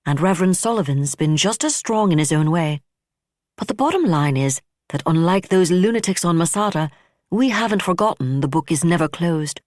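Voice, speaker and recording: A narrator voicing a brisk, wry female admiral who speaks firmly and solemnly. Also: mid-range voice, animated, no echo, studio quality, close to an everyday voice. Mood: earnest. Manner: firm and solemn.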